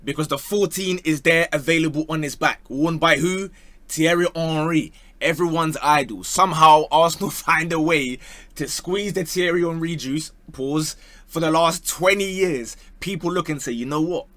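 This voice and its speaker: A man's voice: on the high side, normal speed, a bit bright, dry recording. A young man doing playful, slangy football talk for his channel, slipping into joke voices. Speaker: football YouTuber.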